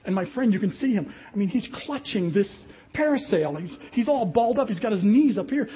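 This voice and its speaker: A man preaching a sermon as a pastor, telling a story with lively acted-out voices. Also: sits high, normal speed, husky, dull audio. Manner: animated storyteller, acts out voices of people in the story.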